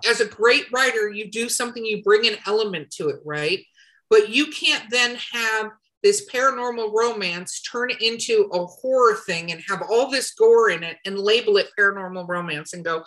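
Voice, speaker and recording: Woman host, bright edge, animated, a touch of cough. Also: medium pitch, normal speed, poor audio. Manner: animated, acts out quotes with shifting voices. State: coughing now and then. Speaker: podcast host and editor. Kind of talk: casual podcast chat.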